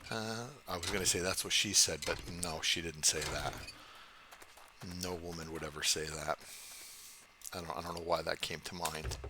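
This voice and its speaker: A man's voice: sits low, steady tone, moderate pace, long pauses, noisy background. A man in his fifties giving rambling, profane, self-mocking commentary while playing a video game. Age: 50s. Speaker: gaming channel host. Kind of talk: casual let's-play commentary.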